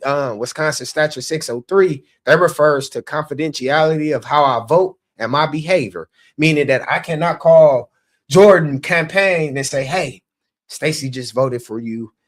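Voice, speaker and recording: A man with a Chicago accent, a candidate telling an election-day story on a podcast, animated and acting out the dialogue. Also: on the high side. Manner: animated, acts out quoted dialogue. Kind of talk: casual storytelling chat.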